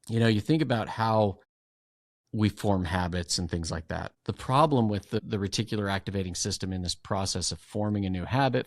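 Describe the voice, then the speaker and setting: Low-voiced man, lively explainer. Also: dry recording, studio quality. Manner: animated, acts out inner voices while explaining. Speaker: podcast guest. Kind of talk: conversational explanation.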